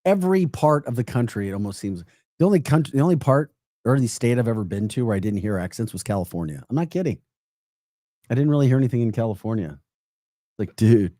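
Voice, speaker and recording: Male talk host, St. Louis accent, rambling and excitable, dry studio sound. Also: mid-range voice, fast talker, no echo. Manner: energetic, rambling, laughs a lot. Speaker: morning radio show host. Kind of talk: casual talk radio. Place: radio studio.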